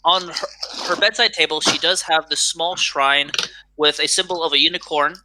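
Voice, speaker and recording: A man's voice: fairly high pitch, fairly even intonation, moderate pace, background noise. A man running a tabletop game as game master, narrating in a laid-back, chuckling way.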